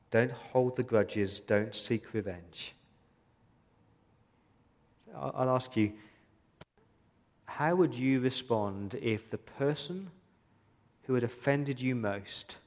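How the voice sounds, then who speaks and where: A man's voice: mid-range voice, slow pace, long pauses. A man preaching a sermon as a pastor, earnest and pleading, asking many questions of his listeners. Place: church hall. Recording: long hall reverb.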